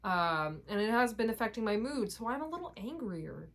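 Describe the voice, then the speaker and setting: A woman's voice: fairly high pitch, very animated, normal speed. A young woman vlogging in casual chat to camera, candid and rambling, laughing often and swearing now and then.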